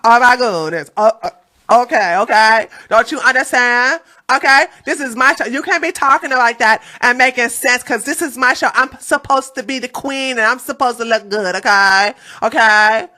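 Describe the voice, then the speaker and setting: A woman voicing a mocking caricature of a flustered male debate host, loud and sing-song. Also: fairly high pitch, moderate pace.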